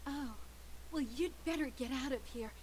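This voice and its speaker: A woman voices a guarded woman hiding in a hotel room in a video game, curt and defensive. Her voice sits very high, with a faint hiss under the game audio. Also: normal speed, darkish tone, natural voice, rough recording.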